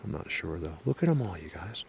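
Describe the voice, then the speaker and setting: A man vlogging outdoors on a mountain road, rambling excitedly to his viewers from a helmet camera. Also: sits low, brisk, vocal fry, a little hiss or hum. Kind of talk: casual outdoor vlog.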